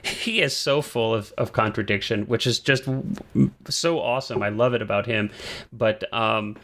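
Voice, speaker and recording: A man's voice: fairly low pitch, normal speed, a bit bright. A man co-hosting a film podcast, chatting casually and enthusiastically about filmmaking, with frequent restarts. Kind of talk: casual chat.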